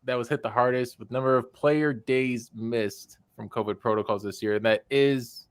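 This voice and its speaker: A man's voice: mid-range voice, fairly even intonation, moderate pace, clear, resonant tone, no echo. A man co-hosting a casual sports podcast over a video call, sharing statistics in a plain, matter-of-fact way. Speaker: podcast stats co-host.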